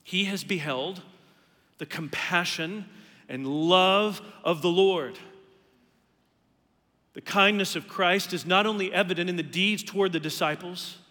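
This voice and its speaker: A man's voice: sits high, unhurried, long pauses, bright, forceful tone, in a large hall. A man preaching a sermon earnestly, his voice climbing emphatically on key words. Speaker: pastor.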